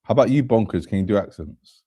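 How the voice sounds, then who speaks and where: A man's voice: on the low side, animated, quick pace, dark tone, husky, no echo. A man in casual chat as co-host, agreeable and laughing often.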